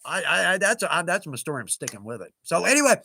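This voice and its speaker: A man's voice: on the high side, big pitch swings, fast, creaky, bright, forceful tone, husky, no room sound. A middle-aged man hosting a casual livestream, chatty and folksy, laughing often. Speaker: livestream host.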